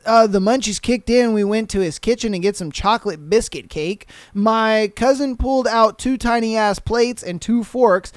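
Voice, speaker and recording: A man hosting a podcast reads out listener stories and cracks up at them, talking in loose, profane slang and slipping into quick impressions of the people involved. His high-pitched voice is smooth and clear, recorded close and dry with no room sound.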